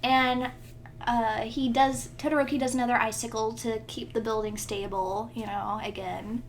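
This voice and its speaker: Young woman, podcast co-host, lively storytelling, laughing often, faint background noise. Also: on the high side, normal speed. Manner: animated, laughing retelling. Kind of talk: casual chat, retelling a fanfic.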